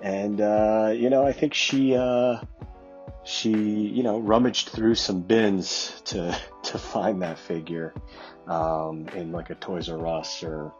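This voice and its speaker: A man's voice: lowish voice, level tone, slow, muffled recording, faint music behind. A man recording a heartfelt message for a fan community, speaking thoughtfully. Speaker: community guest.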